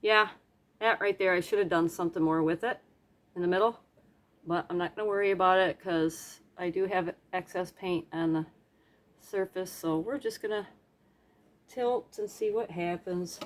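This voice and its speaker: A craft vlogger with a fairly low voice speaks at a moderate pace while casually narrating her acrylic paint pouring at home. She's chatty and self-deprecating, adding playful sound effects and humming.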